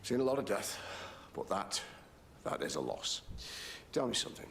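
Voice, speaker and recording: A brash Northern English war hero. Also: male voice, on the low side, big pitch swings, moderate pace, creaky, fairly bright tone, slight background noise, exaggerated voice. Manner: brash, crude, cheerfully menacing. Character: gruff swaggering middle-aged army war hero. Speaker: film character.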